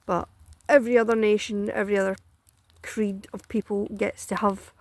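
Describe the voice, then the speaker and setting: A woman's voice: mid-range voice, flat delivery, moderate pace, no echo. A Scottish woman ranting bluntly and profanely in a casual chat, dry and close to the mic. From Scotland. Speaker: political commentator.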